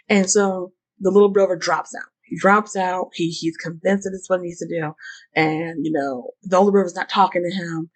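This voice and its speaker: Husky, rambling fan commentator. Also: mid-range voice, fairly even intonation, brisk, rough recording. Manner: rambling, with many fillers and profanity. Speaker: YouTube host.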